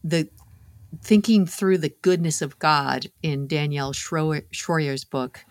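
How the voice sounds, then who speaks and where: Impassioned speaker, mid pitch, dry close mic, repeats phrases in building runs, faith podcast chat. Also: steady tone, slow, dry recording. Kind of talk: casual faith discussion.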